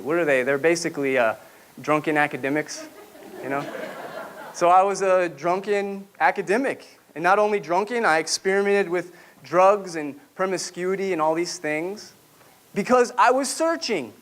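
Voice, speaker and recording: Speaking at a podium before a live audience, a man with a high-pitched, slightly bright voice shares his personal testimony reflectively. This public speaker occasionally asks the room questions as he goes.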